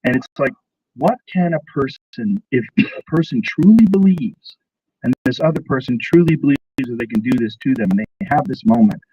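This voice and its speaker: A man of medium pitch tells a story and then poses thoughtful, searching questions in casual talk. His voice sits a little back from the microphone, with faint noise underneath. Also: animated, moderate pace, dark tone, far from the mic, dull audio. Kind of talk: casual conversation. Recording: voice a bit off-mic, faint noise.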